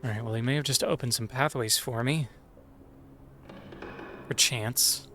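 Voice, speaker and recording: A male streamer talks through a horror game, muttering to himself, cursing and chatting with viewers about voice work. His voice is bright and sharp with an average male pitch. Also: a little slow, slight background noise. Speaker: streamer and voice actor. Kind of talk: casual live-stream chat while gaming.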